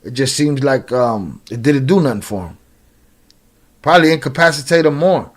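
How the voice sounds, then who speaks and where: A man's voice: medium pitch, expressive, moderate pace. A man giving casual, slangy reaction commentary on a video, joking and laughing as he talks. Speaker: reaction streamer.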